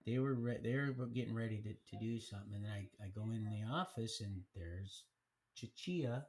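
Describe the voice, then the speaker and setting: A man's voice: fairly low pitch, normal speed, a little mellow. A man casually telling his life story on a live stream, rambling and colloquial, with frequent restarts. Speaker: livestream storyteller. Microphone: streaming mic.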